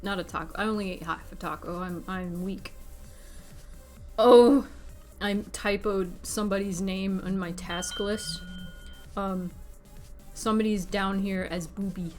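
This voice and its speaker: A woman's voice: medium pitch, normal speed. Chatty woman streamer, faint music behind. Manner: chatty, excitable, talks while eating. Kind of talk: casual livestream chat. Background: faint background music.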